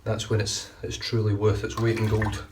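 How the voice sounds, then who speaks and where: Man, low monotone, casual rambling commentary, distant mic, faint noise. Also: moderate pace. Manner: chatty, rambling, frequent restarts. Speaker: shaving vlogger. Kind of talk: casual running commentary while shaving.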